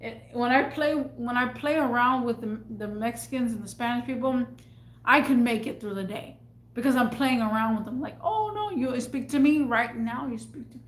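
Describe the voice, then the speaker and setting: Woman, fairly high voice, agitated rant, frequent cursing, stammering restarts, roomy echo. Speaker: retail store worker. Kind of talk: ranting storytime vlog. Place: at work in a store.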